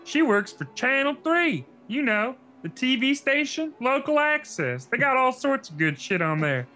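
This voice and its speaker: A man reading aloud and voicing a boastful, excited young girl who gushes breathlessly. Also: very high-pitched, slow, gravelly, soft background music, voice pushed up, exaggerated voice. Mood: gushing. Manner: gushing, breathless.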